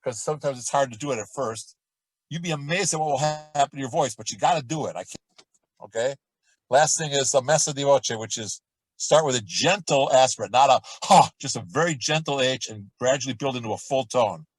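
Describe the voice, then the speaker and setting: A middle-aged man coaching a vocal warm-up lesson, talking in a relaxed, chatty way between loud sung demonstrations. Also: medium pitch, fairly quick, breathy edge, no echo, poor audio. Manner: demonstrates exercises with loud sung shouts and quacks.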